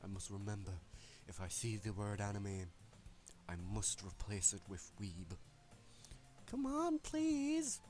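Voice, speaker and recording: A man's voice: low-pitched, level tone, moderate pace, music in the background. A young man hosting a let's play, reading game text aloud with casual, profane, self-mocking commentary. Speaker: gaming channel host.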